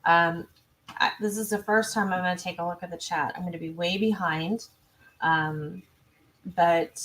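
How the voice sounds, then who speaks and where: A woman hosting a true crime livestream, chatty and self-interrupting, reading viewer comments and adding quick asides. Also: on the low side, fairly even intonation, a bit bright, a little hiss or hum. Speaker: true crime channel host. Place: home.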